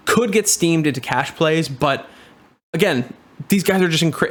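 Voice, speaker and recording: A man's voice: a little high, a bit bright. A young man giving casual fantasy football commentary, talking loosely with lots of ums, uhs and restarts. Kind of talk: casual screen-share commentary.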